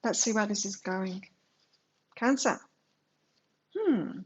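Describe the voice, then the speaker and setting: A woman's voice: mid-range voice, slow pace, husky, muffled recording. Chatty woman reading tarot. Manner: chatty, musing, storytelling. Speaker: tarot reader. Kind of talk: casual psychic reading to camera.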